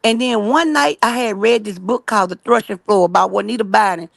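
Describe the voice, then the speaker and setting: Gravelly woman telling a fast faith story. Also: medium pitch, no echo. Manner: fast and emphatic, keeps asking "right?" and calling "y'all"; religious and earnest. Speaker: guest telling her story. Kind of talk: rambling personal testimony.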